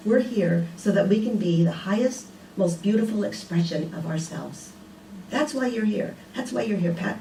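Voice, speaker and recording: A woman's voice: medium pitch, a little mellow. Older woman chatting through a sermon to a group, telling stories, sounds kinda far off in a roomy hall with a faint hum behind. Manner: conversational, storytelling, asks rhetorical questions. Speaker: speaker at a spiritual community. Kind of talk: casual sermon. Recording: echoey room, picked up from a distance.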